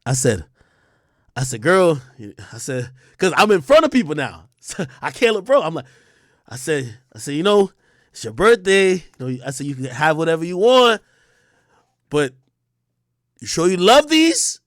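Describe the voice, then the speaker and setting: A man's voice: fairly high pitch, very animated, moderate pace, pauses often, no echo, clean studio sound. A man streaming and telling a long profane story, laughing often and acting out each side of the conversation. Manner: profane, laughing, acts out both sides of the dialogue. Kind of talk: animated storytelling on a livestream.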